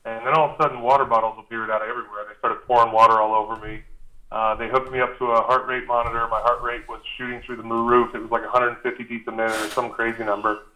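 A man as a guest, telling a story in a casual, animated way and acting out the dialogue, with frequent "uh" fillers. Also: medium pitch, fast talker, poor audio. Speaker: guest recalling a reality show.

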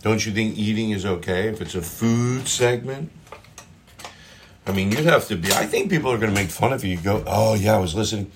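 A man's voice: on the low side, fairly quick, a little hiss or hum. A man casually chatting about his cooking as he eats, rambling and joking in a home kitchen, recorded on a propped-up phone. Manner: rambling, self-interrupting, jokey. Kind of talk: casual food chat while cooking and eating.

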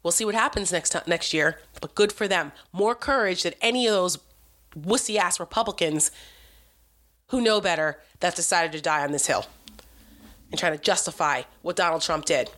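A woman with a slightly low voice delivers a heated political monologue. She sounds exasperated and sarcastic and leans hard on her emphasis. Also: moderate pace, fairly bright tone. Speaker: political commentator. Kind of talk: opinionated monologue.

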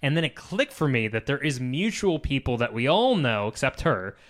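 A man's voice: medium pitch, big pitch swings, normal speed, fairly bright tone. Podcast co-host, male, mid-range voice, casual self-mocking storyteller. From United States. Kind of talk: casual chat.

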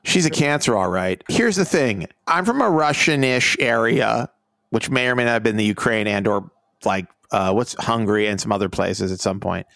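A man's voice: fairly low pitch, normal speed, vocal fry, a bit bright, dry recording. A man co-hosting a casual podcast chat, rambling and sarcastic, dropping mocking impressions into his talk. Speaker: editor and co-host.

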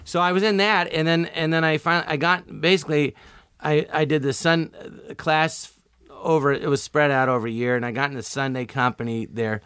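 A man's voice: fairly high pitch, fairly quick, clean tone, no room sound, studio quality. A man in his sixties, a comedian guest, telling stories casually and acting out the voices of people he quotes. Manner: animated storyteller, acts out quoted voices. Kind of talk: casual storytelling interview.

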